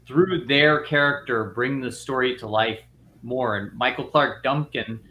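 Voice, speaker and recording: A man talks through his ideas in long, loose sentences, circling back and restarting as he goes. His voice is bright and forceful. A faint noise sits behind the recording. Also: mid-range voice, a little slow. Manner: rambling, many restarts and fillers. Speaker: filmmaker guest. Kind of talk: casual panel discussion.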